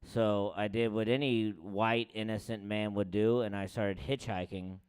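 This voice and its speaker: A man's voice: fairly low pitch, fairly even intonation, measured pace, clean tone. Rambling young man telling crude stories. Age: young adult. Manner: rambling, crude, self-mocking, swings loud and quiet. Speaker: stand-up comic. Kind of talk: loose stand-up storytelling.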